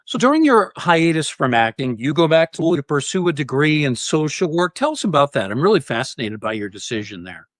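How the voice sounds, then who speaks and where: A man's voice: a little high, big pitch swings, brisk, few pauses, no room sound. A man hosting a podcast, asking his guest questions with curiosity. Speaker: podcast host.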